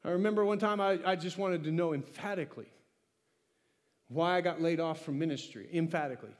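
A man preaching a sermon as pastor, animated, acting out his own talks with God. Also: on the high side, quick pace. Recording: long hall reverb.

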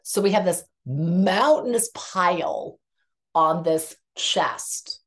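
Low-voiced woman telling her story candidly. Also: slow pace. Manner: animated, acts out quoted dialogue. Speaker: psychotherapist guest. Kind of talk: candid personal storytelling in conversation.

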